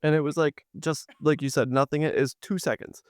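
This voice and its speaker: A man's voice: on the high side, steady tone, fairly quick, dry recording, studio quality. A man appearing as a guest expert on a podcast, chatting casually and adding joking asides. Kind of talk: casual recap chat.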